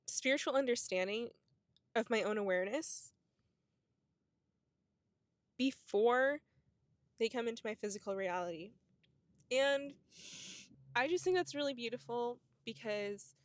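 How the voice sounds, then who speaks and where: A fairly high-pitched woman in her twenties, recorded with clean studio sound and no room sound. As a vlogger, she muses on camera in a casual, spiritual, reflective way, using "like" and "you know" a lot.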